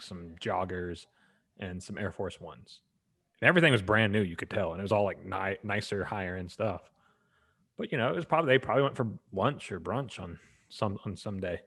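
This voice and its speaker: Man, low pitch, casual podcast chat, rambling storyteller. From Atlanta area. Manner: rambling storytelling, acts out quoted voices. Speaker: podcast co-host.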